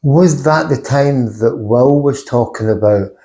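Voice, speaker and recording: A man interviewing a guest, asking gentle, hesitant questions with many fillers. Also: medium pitch, unhurried.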